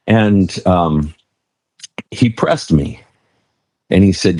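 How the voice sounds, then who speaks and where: Middle-aged male pastor, very low voice, earnest storyteller, dry close sound. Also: big pitch swings, moderate pace, a little mellow, no echo. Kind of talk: personal testimony in an interview.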